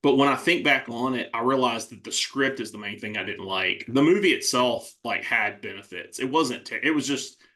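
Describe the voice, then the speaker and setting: A man's voice: mid-range voice, moderate pace, hardly any pauses, sharp tone. A man co-hosting a horror film review podcast, chatting in an easygoing way. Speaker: podcast co-host. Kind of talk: casual film review chat.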